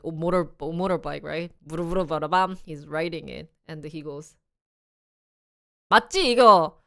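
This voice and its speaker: Animated young woman streamer chatting. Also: on the low side, clear, resonant tone, no room sound, studio quality. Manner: animated, laughs often, acts out scenes in voices. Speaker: live streamer. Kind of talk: casual livestream chat.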